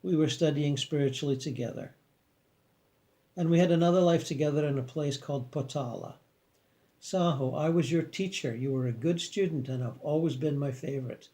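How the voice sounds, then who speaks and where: A man voicing a wise, effusive old male spirit teacher with a Chinese accent, speaking slowly and majestically. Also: on the high side, warm tone, close to an everyday voice. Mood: majestic. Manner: slow, majestic, enthusiastic.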